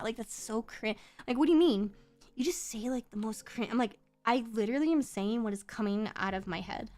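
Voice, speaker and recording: A woman streaming as a VTuber, chatting casually with her viewers while drawing. She talks in a playful, teasing way and swaps between very fast and deliberately slow speech. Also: a little high, a bit bright. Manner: teasing, mock-offended outbursts at chat. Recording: faint background music.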